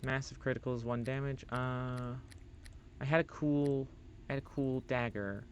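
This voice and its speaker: A man's voice: medium pitch, fairly even intonation, a little slow, a little hiss or hum. A man streaming a role-playing game, rambling loosely through his commentary, swearing casually and reading the on-screen text aloud.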